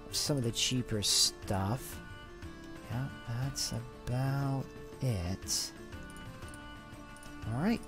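A man hosting a let's play, commenting on his game with light roleplay and giving orders to his troops. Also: mid-range voice. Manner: animated, excitable, gives orders to troops. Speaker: gaming channel host.

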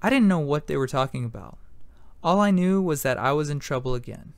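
A man's voice: fairly high pitch, animated, fairly quick, creaky, no echo. A man reading a novel aloud in first person, narrating an amateur audiobook in a plain, matter-of-fact way.

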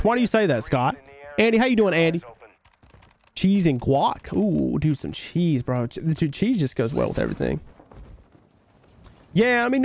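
With a fairly high, gravelly voice and a Southern country twang, a young man streams a game, keeping his commentary relaxed and full of slang. He reads viewers' chat messages out loud and responds to them.

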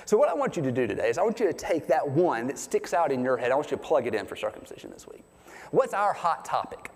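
A man preaching a sermon as pastor, chatty and animated, asking the congregation questions. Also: on the high side, quick pace. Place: church sanctuary. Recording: long reverb of a large hall.

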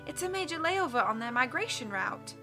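A woman's voice: high voice, big pitch swings, a little fast, sharp tone, faint music behind, full character voice. A woman voicing a worried middle-aged female researcher in a raised voice.

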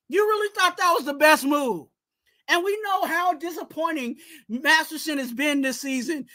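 High, bright male host, casual animated sports rant, loud and pointed. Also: moderate pace. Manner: animated, talks straight to the coach, repeats catchphrases. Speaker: host of a fan sports talk show.

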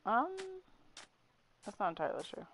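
A woman's voice: medium pitch, sing-song, moderate pace, a bit bright, slight background noise. A young woman streaming a survival game, bickering playfully with a friend and swearing freely as she plays. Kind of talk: casual gaming chat.

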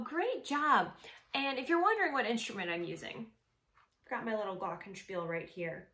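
A young woman teaching music to preschoolers at home, speaking slowly and with exaggerated expression, asking children questions and answering for them. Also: fairly high pitch, animated, bright, forceful tone, reverberant. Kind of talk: sing-song lesson for small children. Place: home room.

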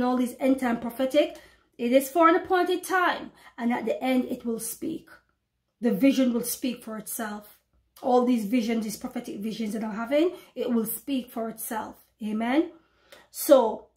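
A woman with a high, bright-pitched voice preaches to her online followers with fervent conviction. She presses her points emphatically and draws out her words whenever she reads scripture aloud. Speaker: prophetic YouTube preacher. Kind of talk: preaching to camera.

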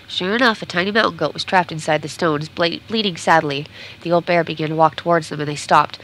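A woman's voice: low-pitched, steady tone, a little fast, a bit bright, slight background noise, poor audio. A woman game streamer reading a storybook aloud during a playthrough, sometimes stumbling and correcting herself.

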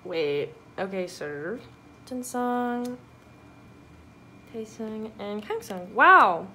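A young woman chatting excitedly through an unboxing vlog at home, bubbly and quick to laugh. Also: mid-range voice, a little hiss or hum. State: out of breath. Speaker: vlogger. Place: apartment.

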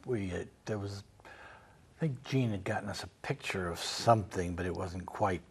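Deep-voiced film director, chuckling. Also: male voice, moderate pace, slightly rough. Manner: rambling, chuckling, self-mocking. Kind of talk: interview reminiscing.

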